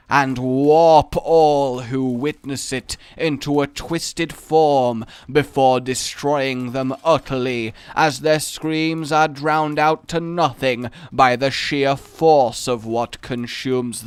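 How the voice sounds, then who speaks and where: A man putting on the voice of a grandiose, solemn epic storyteller, intoning slowly and loudly. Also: clean tone, no echo, close to an everyday voice. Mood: ominous. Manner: slow, drawn-out, booming intoning delivery.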